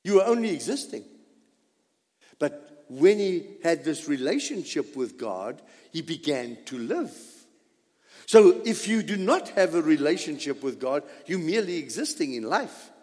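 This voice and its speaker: Guy preaching in church, high voice that swoops all over, lots of hall echo. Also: unhurried. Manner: animated, exhorting the congregation. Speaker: pastor. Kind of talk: sermon. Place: church sanctuary.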